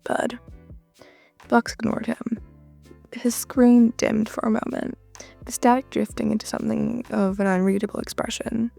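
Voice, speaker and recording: A woman's voice: a little high, creaky, a little mellow. A woman narrating a fan fiction audio story and acting out each of the characters. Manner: reads narration and acts out every character.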